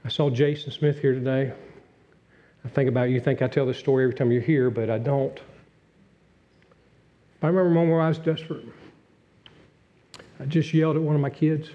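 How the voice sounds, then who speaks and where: A middle-aged man preaching a sermon as pastor, earnest, dropping to a hush and rising again. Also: medium pitch, fairly even intonation, brisk, pauses often. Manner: earnest, swings from loud to hushed. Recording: dull lo-fi sound.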